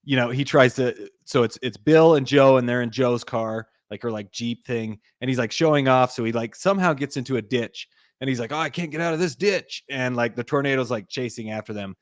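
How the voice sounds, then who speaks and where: A man's voice: mid-range voice, a little fast, dry recording, clean studio sound. A young man co-hosting a podcast, rambling through a movie plot with lots of fillers. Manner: rambling retelling, lots of "like", acts out quotes. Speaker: podcast co-host. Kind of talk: casual movie recap chat.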